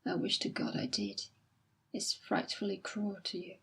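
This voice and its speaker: A woman's voice: medium pitch, sing-song, unhurried, creaky, a bit bright, slightly rough, heavily acted. A woman reading aloud as a remorseful young man who earnestly pleads with his fiancée. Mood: pleading. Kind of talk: audiobook reading.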